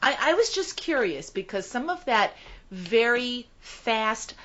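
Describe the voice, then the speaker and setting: A woman's voice: on the high side, sing-song, slow, fairly bright tone, lo-fi sound. A woman co-hosting a casual movie podcast, chatty and self-deprecating. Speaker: podcast co-host.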